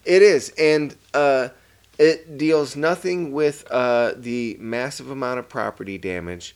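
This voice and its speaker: A man recapping a film in casual comic banter, rambling and profane, swinging between loud bursts and low mutters. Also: slow, clean tone. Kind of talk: casual comedic movie recap.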